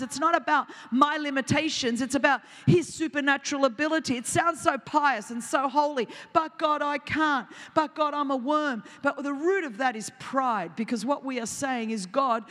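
A woman in her forties preaching a sermon, animated and humorous, acting out dialogue as she goes. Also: sits high, big-room sound. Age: 40s.

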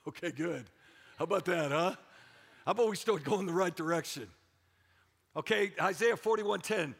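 Middle-aged male pastor, energetic sermon, gravelly edge, echoey church hall. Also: high-pitched, normal speed. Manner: energetic, repeats phrases for emphasis, rallies the congregation. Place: church sanctuary.

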